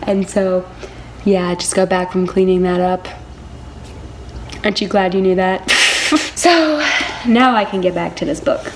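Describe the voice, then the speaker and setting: A woman's voice: fairly low pitch, unhurried, pauses often, a little hiss or hum. A woman chatting casually in a reading vlog, giggly and full of filler words. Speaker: book vlogger.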